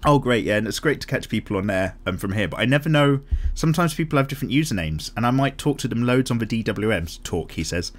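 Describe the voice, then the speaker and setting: A man chats casually while he draws, reading out viewer comments and wandering off on side tangents. His pitch swings up and down a lot around a middle register. He talks in an upbeat, self-deprecating way with plenty of ums. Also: lively intonation, fast. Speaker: art channel host.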